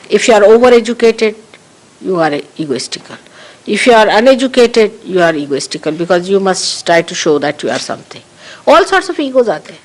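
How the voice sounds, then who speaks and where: A woman's voice: mid-range voice, low-quality recording. A woman giving a spiritual talk to followers, emphatic and repeating her key phrases, in an archival recording. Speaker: spiritual teacher.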